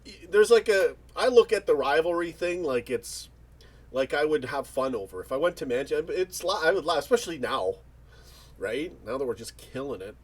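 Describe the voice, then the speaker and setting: A man hosts a casual live chat, reading out comments and rambling through jokes and banter. His voice is husky, and his pitch swings widely from line to line. He often restarts his sentences mid-thought. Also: animated, moderate pace. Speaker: livestream host.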